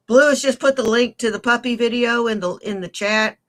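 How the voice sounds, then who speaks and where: A woman hosting a casual live stream, greeting viewers by name and thanking them for donations, with blunt teasing remarks. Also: fairly high pitch. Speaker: livestream host.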